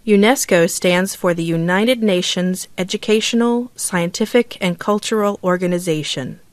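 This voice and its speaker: A woman reading vocabulary words, practice sentences and a passage clearly and deliberately for learners. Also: fairly low pitch, no room sound. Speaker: textbook audio reader.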